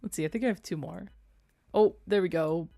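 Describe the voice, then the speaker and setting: A woman's voice: lowish voice, fairly quick, gravelly, mellow, no room sound. Giggly woman streamer, dry close mic. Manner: giggly, playful, rambling. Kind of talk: casual livestream chat.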